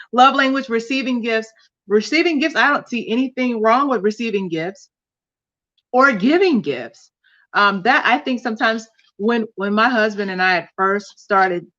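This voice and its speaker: A woman's voice: medium pitch, a bit bright, dull audio. A woman hosting a casual livestream chat, talking in a confiding way to viewers and reading out their comments. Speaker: host.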